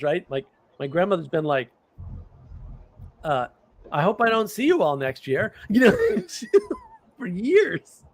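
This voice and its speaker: A middle-aged man hosting a livestream, telling rambling stories in casual chat with bursts of laughter. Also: high-pitched. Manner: rambling, animated storytelling with laughs. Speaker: livestream host.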